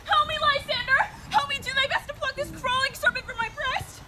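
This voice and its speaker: A woman's voice: very high-pitched, unhurried. A woman playing a frightened young woman in a stage play, speaking in urgent, fearful verse. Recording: outdoor recording with loud noise.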